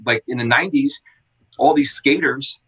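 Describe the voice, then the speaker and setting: A middle-aged man, a skate shop owner, telling animated casual stories with lots of swearing and loud acted-out quotes. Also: medium pitch, normal speed, breathy edge, poor audio. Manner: excitable, swearing, acts out quotes loudly. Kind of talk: casual storytelling.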